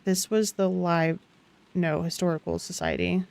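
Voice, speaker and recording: A woman's voice: lowish voice, unhurried, gravelly. A woman streaming a game, reading the on-screen text aloud with small asides to herself. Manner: reads in an even tone, with small asides and restarts.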